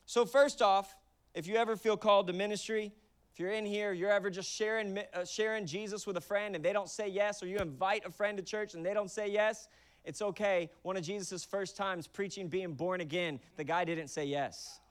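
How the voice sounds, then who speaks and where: A man's voice: sits high, fairly even intonation, moderate pace, clear, resonant tone. A man in his thirties preaching a conversational sermon, acting out voices in his stories. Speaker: pastor.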